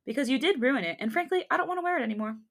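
A woman's voice: sits high, lively intonation, racing, voice pushed up. Woman reading as a teasing college jock. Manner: teasing, playful.

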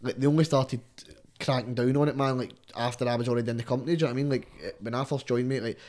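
A Scottish man talking casually on a podcast at a rapid clip. He swears freely and drops "mate" into almost every sentence. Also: mid-range voice. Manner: swears constantly, fillers of "mate", animated impressions. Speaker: rapper, podcast guest. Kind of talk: casual chat.

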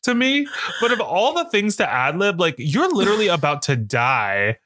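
Male podcast cohost, 30s, bright forceful voice, dry close sound, jokey and animated. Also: sits high, moderate pace, no room sound. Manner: animated, jokey, acts out quotes. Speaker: podcast co-host. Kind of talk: casual movie chat.

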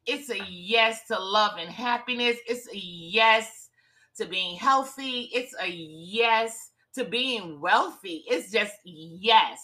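A woman's voice: medium pitch, takes it slowly, sharp tone, rough recording. A woman hosting a motivational talk, upbeat and encouraging, smiling as she speaks in repeated call-and-response phrases. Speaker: host and author.

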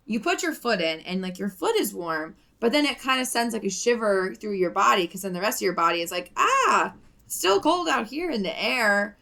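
A woman's voice: medium pitch, fairly bright tone. Rambling, giggly woman podcaster on a call. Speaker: podcast co-host. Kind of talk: casual chat. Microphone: video call.

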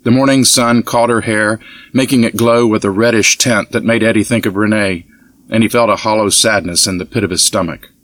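In a steady, measured storytelling style, a man with a lowish voice narrates an audiobook from a script.

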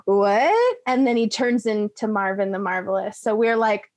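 Young adult woman, tabletop player, chatty and laughing, doing quick voices in her recap. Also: mid-range voice, fairly even intonation. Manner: giggly, rambling, slips into quick character voices. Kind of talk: casual recap of a tabletop game.

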